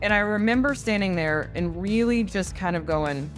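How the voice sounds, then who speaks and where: A woman's voice: mid-range voice, normal speed, faint music behind. A woman in her forties from Texas, a guest on a faith-based interview podcast, telling her story earnestly and with emotion.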